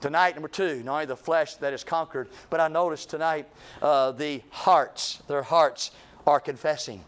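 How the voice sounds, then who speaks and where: Male revival preacher, fairly high-pitched, swings between booming and near-whispered lines. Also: normal speed, smooth. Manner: swings from booming to hushed, repeats phrases. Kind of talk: revival sermon.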